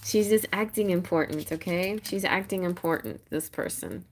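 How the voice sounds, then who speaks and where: A woman's voice: on the low side, normal speed. Chatty woman giving a tarot reading. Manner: chatty, encouraging, laughs often. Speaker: tarot reader. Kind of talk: live-stream tarot reading.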